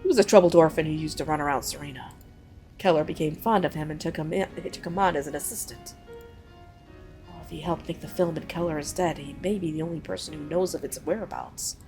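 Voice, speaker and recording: A woman voicing an older male townsman who briskly shares town gossip. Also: low-pitched, darkish tone, soft background music.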